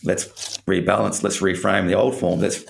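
A man's voice: deep voice, little pitch movement, normal speed, vocal fry, slight background noise. A man from Australia telling a candid personal story in an interview, rambling and swearing casually.

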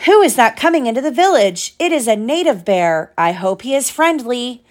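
A woman voicing an excited little girl bear cub in a storybook read-aloud, with high-pitched exclamations. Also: moderate pace.

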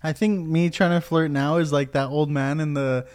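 A man's voice: on the high side, steady tone, moderate pace, a little mellow, clean tone. Laid-back man, casual podcast chat. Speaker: podcast co-host.

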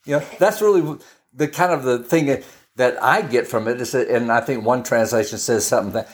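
A man's voice: mid-range voice, fairly quick. A man preaching in a chatty, storytelling way, often restarting and adding asides as he explains a Bible passage. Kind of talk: conversational Bible teaching.

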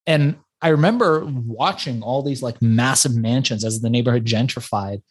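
A man's voice: mid-range voice, moderate pace, slightly rough. Iran-born man telling his story. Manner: animated storyteller with frequent restarts. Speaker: podcast guest. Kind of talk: casual interview storytelling.

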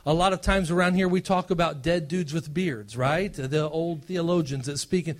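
A man preaching a sermon as pastor, conversational and self-deprecating, swinging between loud emphasis and hushed asides. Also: fairly high pitch, moderate pace.

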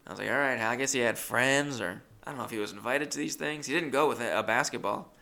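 Young male comedian, gravelly and bright, rambling self-deprecating storyteller. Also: medium pitch, fast. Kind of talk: comic storytelling.

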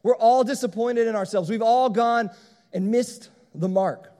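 A man's voice: very high voice, measured pace, dark tone. A man preaching a sermon as pastor, emphatic and repeating his key phrases. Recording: long hall reverb.

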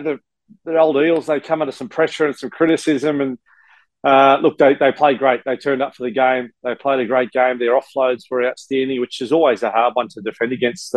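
A man's voice: medium pitch, dry recording, low-quality recording. Rambling Australian man, dry sound. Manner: rambling, many fillers and restarts, says mate often. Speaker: co-host, former player. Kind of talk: casual sports chat. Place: hotel room.

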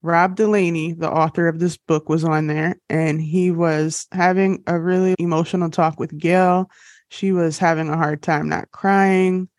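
A woman's voice: fairly low pitch, flat delivery, normal speed, darkish tone, no room sound, clean studio sound. A young woman hosting a podcast in casual chat, bubbly and laughing at her own jokes. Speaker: podcast host.

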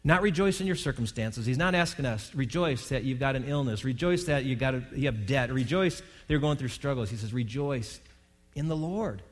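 A man's voice: mid-range voice, animated, a little fast. A middle-aged man preaching a sermon in a conversational way, often repeating words and rising into emphatic bursts. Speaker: pastor. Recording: reverberant hall.

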